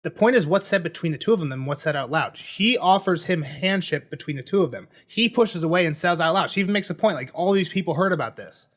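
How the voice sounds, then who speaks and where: A man's voice sitting a little high for a man, carries this casual podcast discussion. He argues his reading of the book energetically and slips into quoting the characters as he talks. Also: fast talker, few pauses. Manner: animated, acts out quotes in passing. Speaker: podcast co-host.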